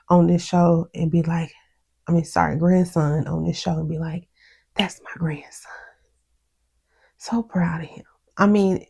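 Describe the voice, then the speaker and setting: A woman with a fairly low, creaky voice reviews a reality show episode in a casual, outspoken vlog. She's chatty and animated, full of slang and laughter, mimicking what others said.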